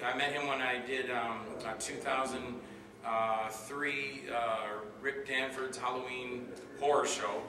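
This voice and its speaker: A man recounts his acting jobs to a convention audience, chatty and rambling, full of fillers and acted-out voices. His voice sits at an ordinary pitch and sounds distant from the mic. An echoey hall carries noticeable background noise. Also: steady tone, unhurried. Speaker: actor answering audience questions. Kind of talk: storytelling Q&A at a convention panel.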